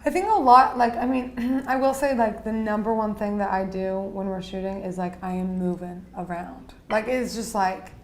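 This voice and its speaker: A woman guest on a podcast, a photographer, telling stories in an animated way with many "like"s. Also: mid-range voice, normal speed, few pauses, a little hiss or hum. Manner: animated, heavy use of "like". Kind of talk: casual interview chat.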